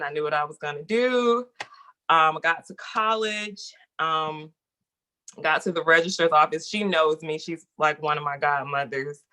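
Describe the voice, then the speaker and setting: A woman guest in a casual interview, telling a story in a lively, animated way and acting out what people said. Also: low voice. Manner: lively, animated storyteller who acts out quotes.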